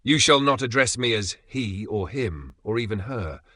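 A man voicing a huge, vain male dragon who booms grand declarations and demands praise. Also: expressive, moderate pace, pushed and bright, no room sound. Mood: grandiose.

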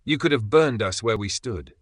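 A man voicing a weary, sardonic older knight who speaks in a dry, measured way. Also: fairly low pitch, lively intonation, breathy edge, dry recording. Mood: steady lecturing. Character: weary, sardonic veteran male knight, unflappable.

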